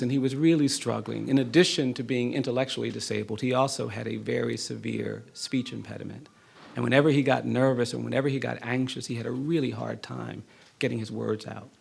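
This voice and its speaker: Gravelly, husky man telling a story. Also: medium pitch. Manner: measured, repetitive cadence, quiet intensity rising to emphasis. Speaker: law professor giving a lecture. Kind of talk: storytelling lecture. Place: lecture hall.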